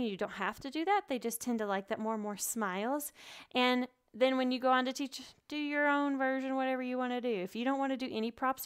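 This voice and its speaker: A woman teaching English online talks through her tips in a chatty, animated way and laughs often. Her voice sits a little high and comes across smooth and clear. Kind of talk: casual advice vlog.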